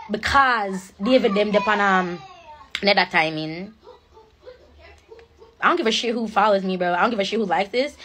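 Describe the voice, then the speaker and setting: Her voice is slightly high and fairly bright as she rants into a phone on a livestream. She sounds emotional and preachy, sometimes crying, and she swaps between patois and standard English.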